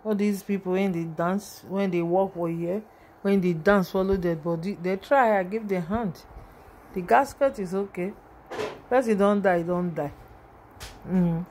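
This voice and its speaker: A woman's voice: mid-range voice, unhurried, darkish tone, slight background noise. Emotional Nigerian woman vlogger. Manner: emotional, rambling, addresses viewers as "my people". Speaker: vlogger commenting on a video. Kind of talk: casual commentary vlog.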